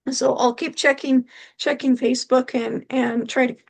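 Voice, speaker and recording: A woman's voice: high voice, fairly even intonation, normal speed, vocal fry. A woman hosting a live talk show, chatting with her guest and reading out audience questions. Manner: conversational, reads audience questions. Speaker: host.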